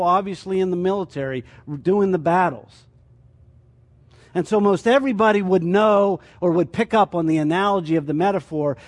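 A man's voice: sits high, darkish tone. A man teaching a sermon as a church teacher, explaining his points through rhetorical questions.

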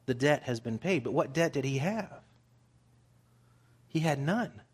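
A man's voice: on the high side, expressive, a little slow, pauses often, slightly rough. A man preaching a sermon, reading scripture aloud and explaining it in plain, conversational terms.

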